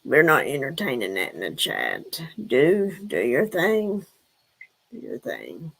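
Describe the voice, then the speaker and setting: Woman, live-stream chat, rambling, answers viewers' comments, slow pace. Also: extremely low pitch, huge pitch swings, creaky, fairly bright tone, husky. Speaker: livestreamer chatting with viewers.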